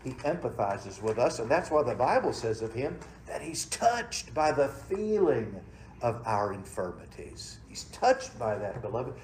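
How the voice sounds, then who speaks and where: A man preaching a sermon in a church, folksy and dramatic, swinging between loud emphasis and hushed tones. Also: medium pitch, sing-song, a little slow, a little hiss or hum. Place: church sanctuary. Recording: roomy church sound.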